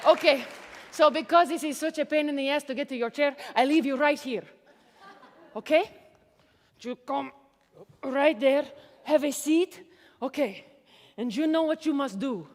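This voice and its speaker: High-voiced woman with mock Spanish accent. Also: measured pace, long pauses, in a large hall, some chatter behind. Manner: theatrical, coaxing, sprinkles Spanish words. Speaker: comedian directing an audience volunteer. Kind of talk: live comedy stage act.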